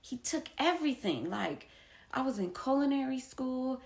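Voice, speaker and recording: A young adult woman talking casually and from the heart to her viewers, slow and reflective, with soft whispered asides. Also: high voice, animated. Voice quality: gravelly vocal fry. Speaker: poet and painter sharing her story. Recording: echoey room.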